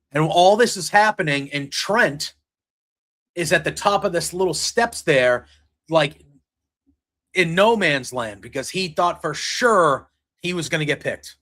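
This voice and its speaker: A man with a slightly higher voice hosts a casual wrestling recap. He rambles from one moment to the next, retelling what was said in quotes and filling gaps with "you know" and "um.". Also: expressive, a little slow, a bit bright. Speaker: podcast host recapping wrestling.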